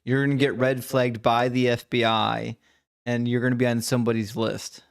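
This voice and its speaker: A man's voice: mid-range voice, flat delivery, normal speed, gravelly, clear, resonant tone, dry recording, clean studio sound. A man co-hosting a casual podcast, joking around, correcting himself, and steering the talk back to the text. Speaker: podcast co-host. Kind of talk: casual chat.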